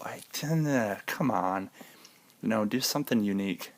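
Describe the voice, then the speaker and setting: A man's voice: lowish voice, measured pace, dry recording. A man vlogging in a casual, rambling monologue, joking and drifting off on tangents. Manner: rambling, goes off on tangents, jokey.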